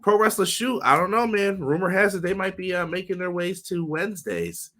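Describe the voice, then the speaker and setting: A man hosting a casual wrestling podcast livestream, upbeat and greeting viewers by name, his voice slightly hoarse. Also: sits high, animated, brisk, bright, forceful tone. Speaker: podcast host.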